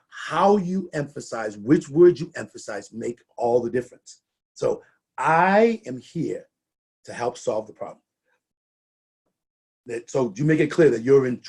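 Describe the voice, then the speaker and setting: Man, middle-aged, trainer, husky voice, conversational presentation, restarts and repeats words. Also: medium pitch, a little mellow.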